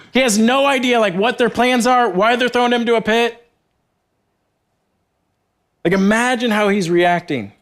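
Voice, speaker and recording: A young man preaching a sermon at a retreat, first reading scripture and then retelling it in a casual, earnest way, often saying "like" and acting out characters. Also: fairly bright tone. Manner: earnest, conversational, heavy use of "like", acts out characters in a higher voice.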